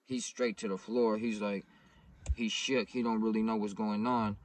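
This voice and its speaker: A man's voice: lowish voice, little pitch movement, moderate pace. A man telling a story in blunt, profane street slang. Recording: voice distant from the mic.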